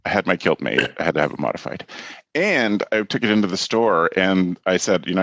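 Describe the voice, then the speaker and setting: A man with a very low voice talks casually on a podcast, telling stories frankly and swearing now and then. His voice sits close and dry, with no room sound around it. He comes across as a host in his thirties. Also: animated, fast talker, fairly bright tone, no echo. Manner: candid, storytelling, mildly profane.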